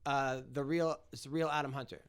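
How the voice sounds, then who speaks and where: A man, a guest comedian, telling a story in an excitable, animated way with lots of swearing and acted-out quotes, recorded in a podcast studio. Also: medium pitch, brisk, clear, resonant tone.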